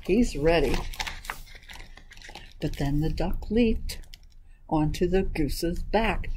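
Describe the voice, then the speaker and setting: Woman librarian, storytime reading, very slow, mellow, animated, faint noise. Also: on the low side, low-quality recording. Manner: animated, asks the listeners questions. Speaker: children's librarian. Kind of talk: reading a picture book to children.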